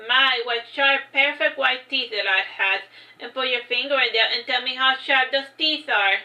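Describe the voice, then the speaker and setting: A woman reading the lines of a stern, grumpy middle-aged duke in a storybook, giving gruff commands. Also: high-pitched, moderate pace, sharp tone, rough recording. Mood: commanding.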